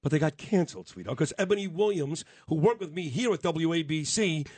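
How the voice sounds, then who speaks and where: A man's voice: on the high side, sing-song, a little mellow, husky, no room sound. A man with a Brooklyn accent hosting a radio show, bantering and teasing in a brash, joking way. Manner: brash, teasing, quick to joke. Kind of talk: casual talk-radio banter. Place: radio studio. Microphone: studio microphone.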